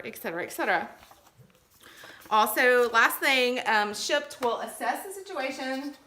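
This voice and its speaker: Bright, chatty woman vlogger. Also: on the high side, lively intonation, moderate pace. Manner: chatty, reassuring, full of fillers and asides. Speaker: vlogger giving shopper tips. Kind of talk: casual instructional vlog.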